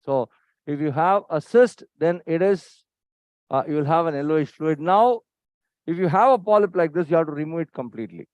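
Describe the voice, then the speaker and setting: Man, surgeon narrating an operation, instructive and brisk, dry muffled lo-fi sound. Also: on the high side, lively intonation, a little mellow, no echo. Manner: instructive, repeats "see here" and quizzes listeners; brisk and impatient with staff. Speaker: surgeon teaching a procedure. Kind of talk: live surgical teaching commentary. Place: operating theatre. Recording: dry, dull lo-fi recording.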